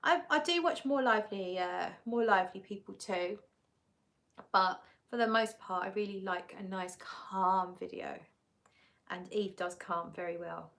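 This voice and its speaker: A woman's voice: medium pitch, measured pace, gravelly, fairly bright tone. A woman hosting a live stream, chatting casually as she reads out viewer comments, giggly and often correcting herself. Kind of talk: casual chat.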